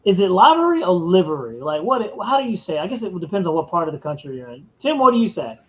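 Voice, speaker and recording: Male podcast host, high voice, casual and laid-back, dull lo-fi stream sound. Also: very animated, fairly bright tone. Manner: laid-back, drawn-out "dude" and "man", reads viewer comments aloud. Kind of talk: casual live-stream chat.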